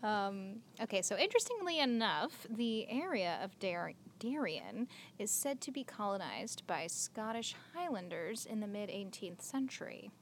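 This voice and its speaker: A woman's voice: mid-range voice, very animated, unhurried, hardly any pauses, a little hiss or hum. A young woman co-hosting a podcast, chatty and giggly, telling a story with lots of filler words. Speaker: podcast co-host. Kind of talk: casual podcast chat.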